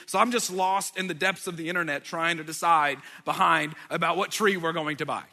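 Pastor, man, 30s, bright and slightly high, ribbing the audience mid-sermon; reverberant hall. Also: fast. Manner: joking asides to the audience. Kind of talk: sermon storytelling. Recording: long reverb of a large hall.

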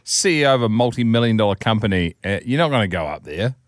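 A man co-hosting a podcast, telling stories casually, swearing freely and acting out quotes in loud, high voices. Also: animated, fast talker, dry recording, studio quality. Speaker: podcast co-host. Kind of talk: casual storytelling chat.

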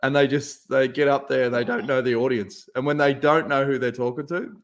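A man's voice: medium pitch, fairly even intonation, fairly quick. A man hosting a podcast, chatting in a laid-back, jokey way. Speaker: podcast host. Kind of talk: casual chat.

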